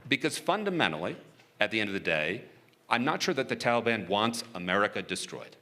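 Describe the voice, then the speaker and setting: A man's voice: fairly low pitch, sing-song, fairly quick, bright, forceful tone. A man being interviewed onstage about his work negotiating for hostages, talking casually and frankly, chuckling often and restarting his sentences.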